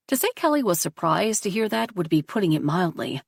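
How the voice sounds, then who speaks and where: A woman narrating a story in a steady, even audiobook reading. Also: fairly low pitch, fairly quick, creaky, few pauses, slightly rough, no echo, clean studio sound.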